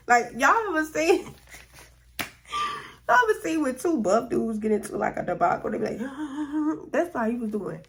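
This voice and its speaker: Speaking in a sing-song voice on the high side, a storytime vlogger recounts something that happened to her at a moderate pace. She keeps it slangy and conversational, frequently performing the voices of the people she quotes.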